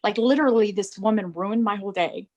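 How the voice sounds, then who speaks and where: A woman's voice: medium pitch, a little fast, a little mellow, highs cut off. A woman earnestly recounting a personal experience as a program client, acting out the dialogue as she tells it. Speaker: program client giving a testimonial. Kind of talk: emotional personal story.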